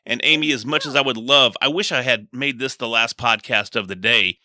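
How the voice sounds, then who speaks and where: Male podcast host, friendly and easygoing; very bright tone. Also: mid-range voice, a little fast, no room sound, studio quality. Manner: friendly, laughs along easily. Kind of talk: casual podcast interview.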